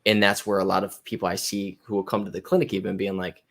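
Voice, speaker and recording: A personal trainer chats on a podcast in a low voice, rambling through long points. He restarts his sentences often and slips into quoted voices of his clients. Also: level tone, fast talker, fairly bright tone. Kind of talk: casual podcast conversation.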